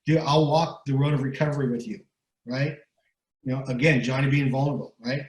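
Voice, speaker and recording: A man's voice: medium pitch, fairly even intonation, a little fast, darkish tone, echoey room, poor audio. A middle-aged man speaking as an interview guest. He gives motivational talk, pushes his points hard, repeats words and keeps asking "right?". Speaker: guest speaker and recovery coach.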